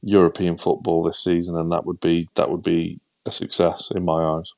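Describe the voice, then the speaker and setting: A man's voice: low-pitched, monotone, moderate pace, gravelly, darkish tone. A man co-hosting a fan channel, chatting in a dry, matter-of-fact way. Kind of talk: casual chat.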